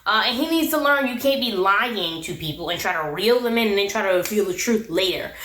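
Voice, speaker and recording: A woman's voice: mid-range voice, animated, a little fast, fairly bright tone, reverberant. A woman casually recapping a reality TV episode, opinionated and slangy, often breaking into laughter. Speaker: recap and review vlogger.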